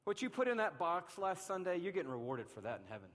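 A man preaching a sermon to his church, animated and swinging between loud and hushed delivery, acting out little voices. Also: high-pitched, fast talker. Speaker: pastor. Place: large church hall. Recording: long hall reverb.

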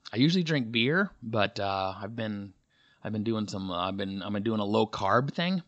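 A man's voice: fairly low pitch, lively intonation, unhurried, fairly bright tone, highs cut off. A man hosting his comedy podcast in a rambling, jokey monologue full of fillers, recorded in a hotel room. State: slightly dehydrated. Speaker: podcast host. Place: hotel room with a heater running.

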